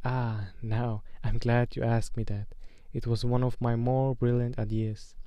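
A man voicing a whimsical, kindly old headmaster wizard who talks gently and dreamily. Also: mid-range voice, flat delivery, unhurried, no room sound, lo-fi sound, close to an everyday voice. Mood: dreamy, wry.

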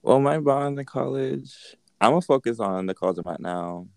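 A young adult man co-hosts a podcast, chatting casually but hesitantly, full of ums and restarts. His medium-pitched voice is expressive, gravelly and slightly mellow, at a normal speed, in a dry recording.

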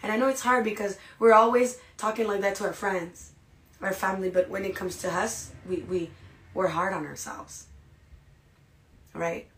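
An energetic woman hosts a podcast and delivers a casual motivational talk. Her voice is at a middle pitch and rings with the echo of a bare room. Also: moderate pace. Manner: energetic, casual, peppered with "right?" and "you guys". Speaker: podcast host. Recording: echoey room.

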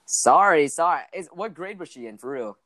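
A man's voice: fairly high pitch, animated, moderate pace, fairly bright tone. A teenage boy chatting casually on a podcast, joking crudely and rambling with lots of restarts. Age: teens. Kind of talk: casual chat.

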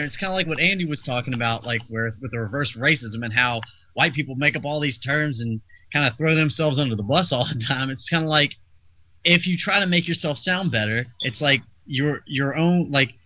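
Bright-voiced man explaining his view. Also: a little high. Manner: reflective, explaining. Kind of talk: casual podcast chat. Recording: dull lo-fi with faint hiss.

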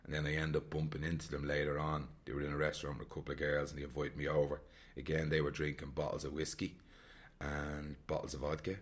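Dublin Irish man, very low voice, frank rambling travel chat. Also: monotone, fast. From Ireland, Dublin. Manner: rambling, frank, repeats phrases. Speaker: solo traveller vlogger. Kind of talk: candid reflective travel chat.

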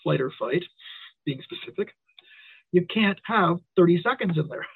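A middle-aged wrestling referee telling stories in a casual interview, animated when he quotes others. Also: sits high, moderate pace, creaky, breathy edge, no room sound. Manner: storytelling, animated quoting. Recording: tinny phone-like line.

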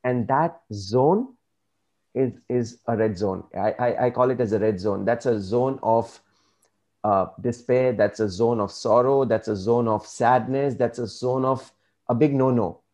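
Earnest man with a dark mellow voice. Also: medium pitch. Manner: earnest, measured, preachy. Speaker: guest speaker on productivity. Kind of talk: reflective conversational advice.

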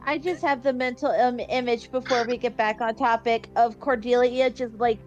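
A woman with a high voice describes her character's actions at a tabletop game, pausing often and filling gaps with 'um' and 'like'. The audio is slightly muffled, with faint music in the background. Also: steady tone. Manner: halting, many fillers. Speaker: player.

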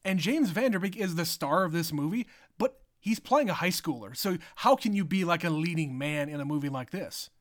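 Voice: mid-range voice, animated, brisk, few pauses. A podcast host leading a casual movie chat in an easygoing, agreeable way. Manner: easygoing, agreeable, lots of "like" fillers.

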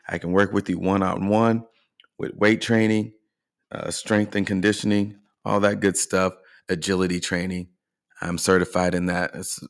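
A man hosting a motivational coaching podcast, speaking earnestly and encouragingly, often checking in with the listener. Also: lowish voice. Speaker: life and fitness coach, podcast host.

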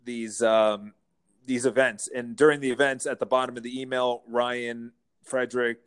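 A man, a real estate broker, telling stories as a guest in a casual interview, lively and laughing as he goes. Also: medium pitch, normal speed, smooth. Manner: animated, acts out quotes, laughs while telling stories.

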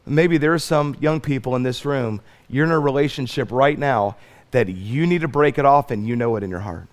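A man preaching a sermon as pastor, swinging from loud stretched emphasis to soft pleading. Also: medium pitch, moderate pace. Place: church sanctuary.

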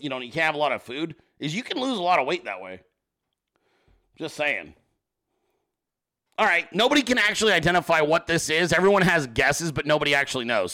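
A man's voice: fairly high pitch, sharp tone. A man hosting a casual livestream, sarcastically riffing on viewer pictures and swearing freely. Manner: profane, sarcastic, riffing at the audience. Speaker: livestream host.

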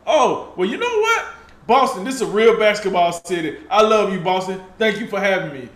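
A man's voice: high-pitched, very animated, brisk, fairly bright tone. A man doing an impression of a sulky star basketball player, breezy and dismissive, in an echoey room. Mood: gushing.

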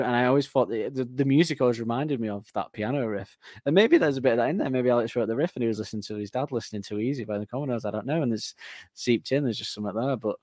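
A man's voice: mid-range voice, darkish tone, no echo, studio quality. A man co-hosting a casual music podcast, rambling and self-deprecating, laughing often. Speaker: podcast co-host.

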